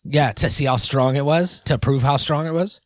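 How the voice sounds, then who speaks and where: A podcast co-host rambles and jokes through a casual chat, packing in lots of fillers. His voice is mid-range at a moderate pace, and the recording is dry and studio quality.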